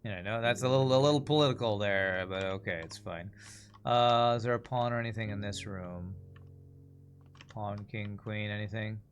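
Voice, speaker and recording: A man's voice: fairly low pitch, moderate pace, a little hiss or hum. A man streaming a puzzle game, thinking aloud and mumbling as he weighs his choices in casual commentary. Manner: musing aloud, mumbling while deciding.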